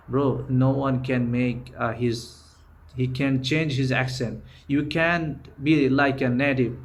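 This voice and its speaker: An English teacher with a Bangladeshi accent, a native Bengali speaker, gives an earnest, informal spoken-English lesson. His mid-range voice moves slowly with fairly even intonation, and he often restarts and repeats himself.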